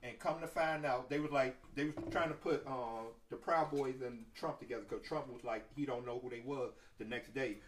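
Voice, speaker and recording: A man's voice: medium pitch, normal speed, few pauses, slight background noise. A man co-hosting a casual podcast chat, telling stories and acting out what people said. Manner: animated storyteller, acts out quotes. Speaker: podcast co-host. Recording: roomy and distant from the mic.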